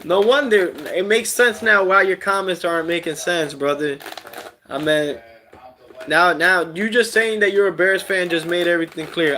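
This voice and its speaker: A man's voice: high voice, normal speed, slight background noise. Laid-back man chatting with his chat. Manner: relaxed, reads chat aloud, many fillers. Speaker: streamer host. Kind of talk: casual live stream chat.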